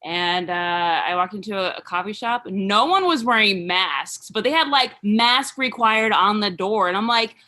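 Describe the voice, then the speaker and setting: A woman comedian talks through her stand-up set over a video call, rambling and halting with plenty of filler words. Her voice is bright and sits at a mid pitch.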